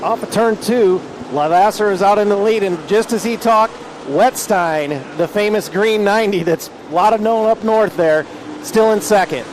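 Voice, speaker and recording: A man with a high-pitched voice gives conversational race commentary, pointing out the key battles. Loud engines roar behind him. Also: normal speed, noisy background. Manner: conversational, analytic, with fillers. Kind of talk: racing commentary. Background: loud race car engines.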